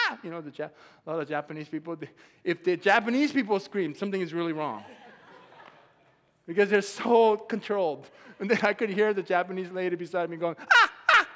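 A pastor delivers his sermon in a church, his somewhat high voice ringing through a long hall reverb. He tells stories with animated acted-out quotes and laughs often as he talks. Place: church sanctuary.

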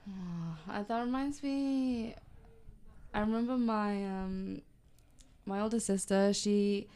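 A woman's voice: medium pitch, slow pace, clean tone. A young woman chatting casually, telling family stories and acting out what people said. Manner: chatty storyteller, quoting family with lively voices. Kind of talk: casual chat.

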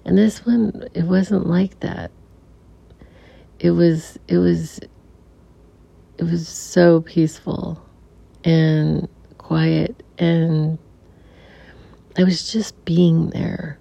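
A middle-aged woman telling a reflective personal story as a podcast guest, softly and haltingly, with many restarts and some near-whispers. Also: on the low side, little pitch movement, gravelly. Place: room in a family home. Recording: dull recording with faint air conditioner hum. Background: air conditioner hum.

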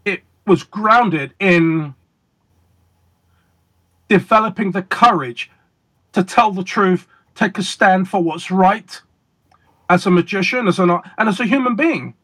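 A man being interviewed as a guest magician, telling stories in a deliberate, emphatic way with pauses for effect. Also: sits high, fairly bright tone. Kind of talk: casual interview storytelling.

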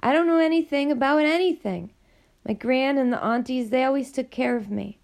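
A woman's voice: sits high, brisk, gravelly, darkish tone, pitched above the performer's own voice. Woman voicing a scared hungry young girl. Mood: pleading.

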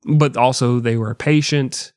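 Man, podcast co-host, casual history storytelling, joking, profane, mid-pitched, dry close mic. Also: unhurried, no echo. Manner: profane, joking, lively retelling.

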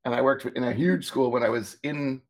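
A man, a former teacher co-hosting a talk show, telling stories in a lively, casual way and acting out what people said. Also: medium pitch, brisk. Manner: animated, acts out quoted dialogue. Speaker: podcast co-host, former teacher. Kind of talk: casual storytelling chat.

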